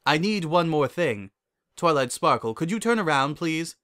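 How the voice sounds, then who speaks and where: A man's voice: fairly high pitch, animated, normal speed, bright, forceful tone, smooth, pitched above the performer's own voice. A man voicing a commanding princess pony who talks in a formal, mischievous, teasing way.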